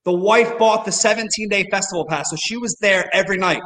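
High-voiced man, club owner, rambling animated storyteller, reverberant room. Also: a little fast. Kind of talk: casual storytelling.

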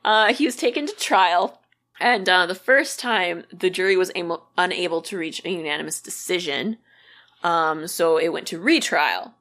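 A woman with a lowish, slightly bright voice speaks at a moderate pace as a podcast co-host. She casually tells a true crime ghost story, peppering it with fillers and lots of "like."

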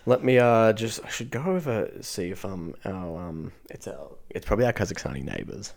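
A man's voice: lowish voice, expressive, normal speed, gravelly, darkish tone. A young Australian man co-hosting a podcast in casual, laid-back chat, full of swearing, laughter and fillers. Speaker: podcast co-host.

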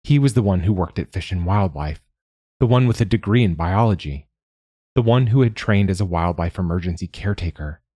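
A man reading a story aloud in a measured, somber narration. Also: sits low, animated, mellow, dry recording.

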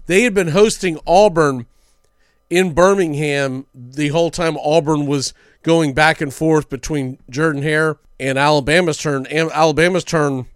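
Chatty sports radio host. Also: male voice, on the high side, smooth, no echo, clean studio sound. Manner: storytelling, chatty with small slips.

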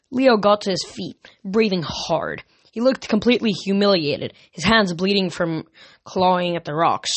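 Woman reading a storybook, slightly low voice. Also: animated, moderate pace. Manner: reads with small slips and self-corrections. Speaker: reader. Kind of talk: amateur audiobook reading.

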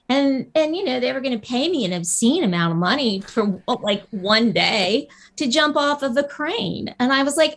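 A woman guest telling a lively anecdote in a casual interview, acting out the people she quotes. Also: a little high, normal speed. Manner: animated storyteller, acts out quotes. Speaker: guest actress.

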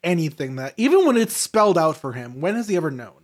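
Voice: mid-range voice, very animated, fast talker. A guest on a casual podcast, joking and sarcastic.

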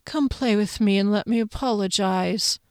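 A woman voicing a smooth-talking young man, a manipulative ex-boyfriend who coaxes in a husky, crooning murmur. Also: sits high, normal speed, no room sound, clean studio sound. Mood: coaxing. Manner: soft coaxing murmurs and whispers.

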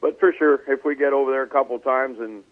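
A male race car driver calmly talking through his plans in a casual interview, with many ums and uhs. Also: medium pitch, no room sound. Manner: relaxed, measured, frequent um and uh. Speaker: race car driver and team owner guest. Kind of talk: casual interview on a phone line. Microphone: phone line. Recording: tinny phone line, dry.

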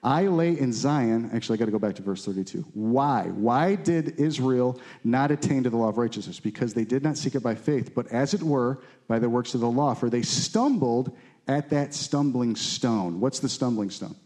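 A man's voice: medium pitch, moderate pace, darkish tone. A man teaching a Bible study to a live group, reading scripture aloud and asking the room questions in a conversational way. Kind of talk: teaching sermon.

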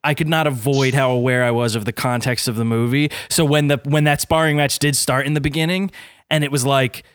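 A man's voice: medium pitch, fairly even intonation, brisk, no echo. Guy chatting about a movie, laid back, chimes in, dead dry room. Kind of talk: casual film discussion.

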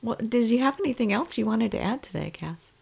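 A woman hosting an interview, supportive and quick to affirm her guest. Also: on the high side, animated, gravelly, darkish tone, breathy edge. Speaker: interview host. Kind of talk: casual interview chat.

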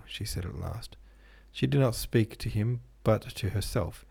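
A man narrating a classic novel as an audiobook host, in a measured, even storytelling manner. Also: on the low side, vocal fry, slightly rough. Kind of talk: scripted literary narration.

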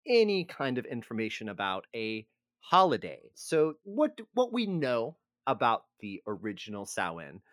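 A man's voice: medium pitch, huge pitch swings, moderate pace, fairly bright tone, dry recording, studio quality. A man co-hosting a casual podcast, rambling and self-deprecating as he explains history. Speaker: podcast co-host.

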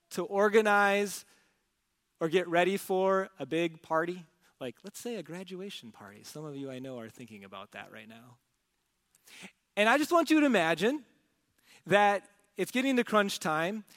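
A high-pitched man preaching a sermon, pressing his points with rhetorical questions and swinging from loud bursts to quiet asides. His voice carries a long reverb from a large church sanctuary. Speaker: pastor.

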